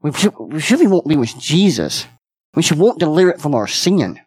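A man's voice: a little high, very animated, fairly quick, a little mellow, slightly rough, dry recording. A man preaching a sermon as pastor, folksy and repetitive, with many restarts.

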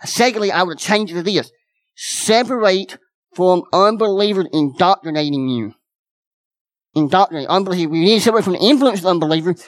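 A man's voice: high-pitched, brisk, no echo. A man preaching a sermon as pastor, folksy and repetitive, with many restarts.

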